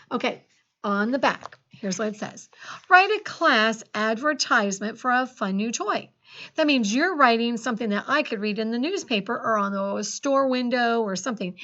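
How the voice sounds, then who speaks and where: Give me an encouraging woman teacher with a fairly high voice. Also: fairly bright tone, lo-fi sound. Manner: encouraging, slow dictation of sentences with big pitch swings. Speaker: second grade teacher. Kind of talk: recorded phonics lesson for children.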